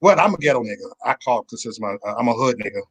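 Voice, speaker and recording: A man's voice: mid-range voice, lively intonation, quick pace, husky. A man speaking as a guest on an online panel, emphatic and stammering, calling himself an aggressive person. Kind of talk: casual panel chat.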